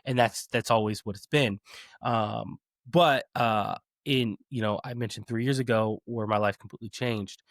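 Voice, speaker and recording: A man around thirty hosting a podcast, talking in a relaxed, chatty way with frequent fillers, restarts and laughter. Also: on the low side, moderate pace, no echo, clean studio sound. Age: 30s. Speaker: podcast host. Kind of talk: casual podcast conversation.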